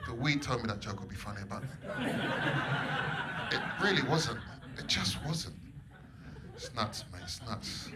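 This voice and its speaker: A man performing stand-up comedy in a comedy club, animated, swinging between loud bursts and low mutters. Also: unhurried, long pauses. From England. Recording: live club set with audience noise. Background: audience laughter.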